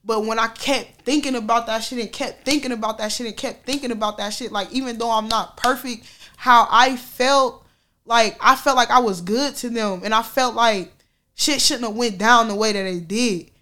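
A woman's voice: a little high, normal speed, pushed and bright. A woman telling viewers a personal story in a frank, slangy, profane way, laughing often. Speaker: vlogger sharing a personal story. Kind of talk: candid casual storytelling to viewers.

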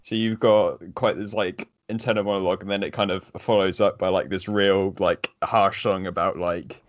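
A man's voice: low-pitched, little pitch movement, normal speed, lo-fi sound. A man chatting as a podcast guest, talking eagerly and rambling with lots of fillers. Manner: enthusiastic, rambling with many fillers. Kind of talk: casual chat.

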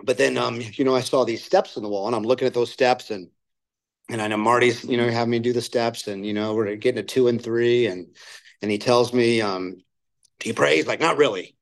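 A man speaking at a recovery meeting, telling his own story in a candid, plain-spoken way. He slips into the voices of people he quotes and then drops back to his easy, level delivery. His voice sits at an ordinary middle pitch. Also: steady tone, fairly quick, gravelly, poor audio. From Southern California. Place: meeting room.

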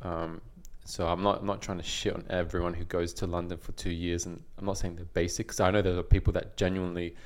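Low-voiced Australian man, hedging opinions. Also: little pitch movement, fast, hardly any pauses. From Western Sydney, Australia. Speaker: podcast co-host. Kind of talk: casual podcast chat.

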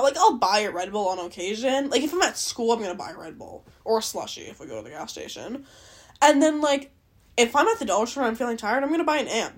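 A young Canadian woman hosting a podcast, rambling casually, swearing a lot and laughing often. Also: fairly high pitch. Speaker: podcast host. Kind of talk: casual solo chat.

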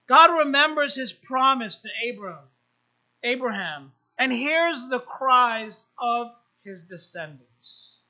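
A woman pastor delivers a sermon in a high, bright voice, taking her time and leaning on repeated phrases. She turns to the congregation with quick asides. The recording sounds dull and lo-fi. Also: lively intonation. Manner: repetitive preaching with rising emphasis and asides to the congregation.

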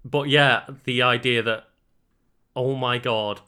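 A man's voice: medium pitch, steady tone, takes it slowly, sharp tone, clear, resonant tone. A man in casual chat, laid-back and laughing along.

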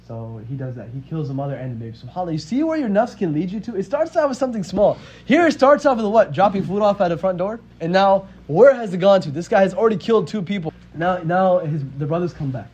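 A man in his twenties, a religious teacher, rattles through a religious story with hardly any pauses, his high, slightly mellow voice animated and quick. He keeps it conversational and often asks "right?", over dull lo-fi audio with faint hiss.

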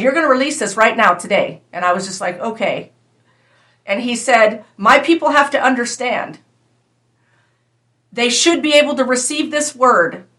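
A woman's voice: on the high side, a bit bright. A woman sharing a prophetic word in an earnest, conversational way, talking straight to her listeners. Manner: earnest, conversational, addresses listeners as "you guys". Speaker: prophetic preacher.

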